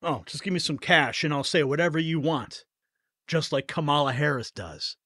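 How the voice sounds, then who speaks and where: Fervent bright-voiced male host. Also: a little high, normal speed, dry recording, studio quality. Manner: fervent, emotional, talks back to clips. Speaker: political news host. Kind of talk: live-stream commentary.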